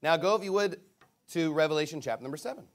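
A high-voiced man preaches as a pastor. He is lively and playful, leading children in a game and calling out to the crowd between scripture readings. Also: quick pace.

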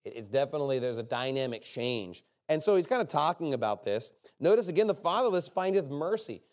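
A man preaching a sermon in a conversational, emphatic way, often checking in with "okay?" and swinging from quiet asides to loud bursts. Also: lively intonation, fast. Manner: swings from low, quiet asides to loud, high-pitched outbursts.

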